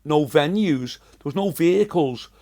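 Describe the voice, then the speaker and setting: A man in his sixties with a Liverpool accent spins rambling, chatty anecdotes. His voice sits a touch higher than most men's, and he tells his stories like a seasoned comedian. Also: animated, normal speed, mellow. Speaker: comedian guest. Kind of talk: casual storytelling.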